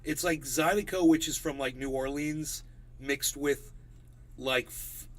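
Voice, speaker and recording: A man's voice: medium pitch, unhurried. A man hosting a casual chat about music, rambling with lots of "like" and "bro". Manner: rambling, says "like" and "bro" a lot.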